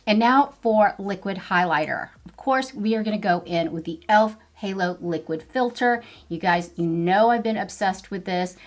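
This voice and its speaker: A woman's voice: mid-range voice, moderate pace, few pauses. Bubbly middle-aged woman reviewing makeup. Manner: bubbly, chatty, with playful exclamations. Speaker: beauty vlogger. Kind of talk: casual makeup review to camera.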